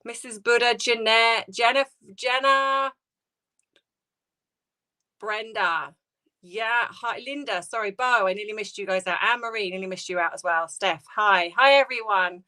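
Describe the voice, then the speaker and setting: A woman hosting a live stream, grieving and close to tears, talking haltingly and greeting viewers by name. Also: on the high side, pushed and bright. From United Kingdom. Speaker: livestream host. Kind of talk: emotional casual livestream chat.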